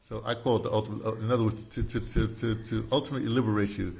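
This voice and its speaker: Man, poet, deep voice, rough gravelly edge, halting, self-correcting, faint background hiss. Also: level tone, darkish tone. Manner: halting, many restarts, thinking aloud. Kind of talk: explaining his own poem.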